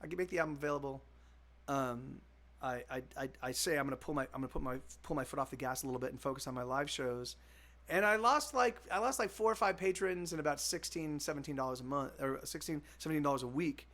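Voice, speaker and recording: A man's voice: a little high, quick pace, fairly bright tone. A young man chatting on his music livestream, rambling in frustration with lots of restarts, fillers and swearing. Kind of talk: casual livestream chat.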